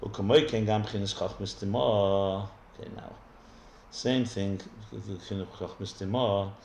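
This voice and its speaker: A man's voice: fairly low pitch, steady tone, a little slow, a little mellow, a little hiss or hum. A man teaching as a rabbi in a live text study class, explaining as he goes and often restarting his sentences. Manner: thinks aloud with many restarts, explanatory. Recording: echoey room with faint ambience.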